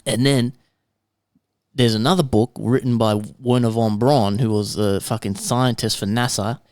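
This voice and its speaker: A man's voice: mid-range voice, fairly even intonation, normal speed, darkish tone, no room sound. Australian guy, podcast host, rambling and crude, dry close sound. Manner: rambling, conspiracy storytelling, swears casually. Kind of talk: casual chat.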